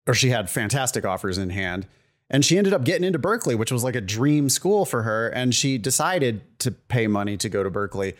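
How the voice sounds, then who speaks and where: A man co-hosting a podcast, talking casually and joking with quick asides. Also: mid-range voice. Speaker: podcast co-host.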